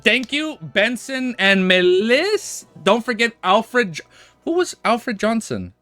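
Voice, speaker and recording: A young man talks on a live stream in a high, bright voice, excitable and quick to stumble over his words. His tone is sharp and forward. The sound is dry and close, with faint music playing behind him. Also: no room sound. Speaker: streamer reading and reacting to a web novel. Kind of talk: casual live-stream chat.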